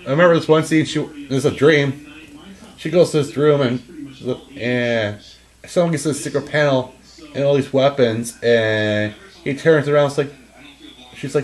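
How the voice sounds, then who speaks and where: A young man chatting casually as a co-host, excitable, laughing often and breaking into high silly voices. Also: measured pace, low-quality recording. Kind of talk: casual chat.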